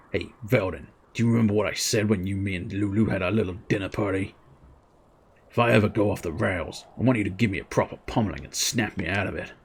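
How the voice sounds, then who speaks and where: A man voicing a hot-headed young male fighter companion in a video game, reading the lines low, quiet and quick. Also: slightly rough.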